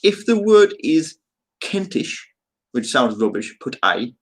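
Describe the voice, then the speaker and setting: A man's voice: medium pitch, sing-song, slow pace, poor audio. A man with a Birmingham accent chatting casually to his live-stream viewers, rambling and joking with many fillers. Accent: Birmingham English. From England.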